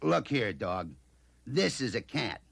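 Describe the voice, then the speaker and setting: Coaxing dog-trainer type, gravelly, husky, swooping pitch, slow delivery. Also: male voice, very animated, fairly bright tone, no echo, exaggerated voice. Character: patient man teaching a dog animal sounds. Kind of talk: children's TV sketch.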